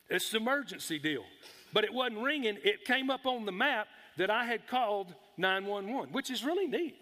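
A middle-aged pastor with a high voice tells a folksy story to his congregation, talking straight to the people in front of him. His tone is bright and forceful. The sound rings with a long reverb from a large church hall. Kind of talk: storytelling sermon. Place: church sanctuary.

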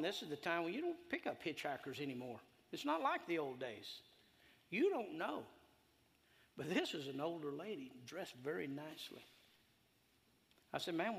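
A man, preaching a sermon in a folksy, storytelling way that swings from loud to hushed. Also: a little high, animated, normal speed, long pauses. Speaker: pastor. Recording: echoey hall.

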